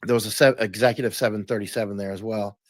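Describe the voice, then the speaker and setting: A man's voice: lowish voice, steady tone, fast, no room sound. Emphatic male interview guest, dry sound. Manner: emphatic, with many restarts and repeated words. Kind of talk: casual interview talk.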